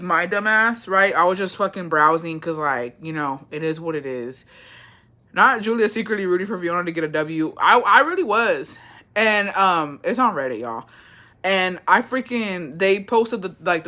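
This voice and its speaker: A young woman hosting a livestream, chatting casually and reading comments. She is animated, sassy and swears often. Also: fairly low pitch. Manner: animated, profane, sassy, reads chat aloud. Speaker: livestream host.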